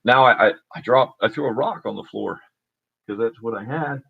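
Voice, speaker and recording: A man rambling on a solo livestream from his home cabin, talking into a laptop, halting and restarting often. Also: medium pitch, vocal fry, slightly rough, narrow, tinny audio. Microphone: laptop microphone.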